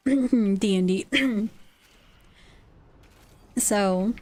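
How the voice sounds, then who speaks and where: A woman's voice: mid-range voice, very slow, dark tone. A woman from California streaming, chatting casually with her viewers and laughing often. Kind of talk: casual livestream chat, reading chat aloud.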